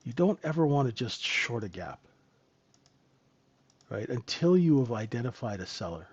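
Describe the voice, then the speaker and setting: Lo-fi audio carries a husky, darkish male voice of medium pitch with a sing-song lilt at normal speed. It belongs to a trading instructor running a live room, explaining charts casually and responding to viewers as he goes. His manner is conversational, with frequent rhetorical "right?".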